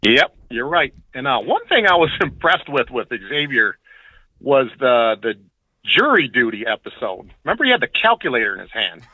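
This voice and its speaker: Lively man on a tinny phone line. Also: medium pitch, moderate pace, dry recording. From Michigan. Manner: animated storyteller, acts out quotes. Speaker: phone-in guest. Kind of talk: casual chat.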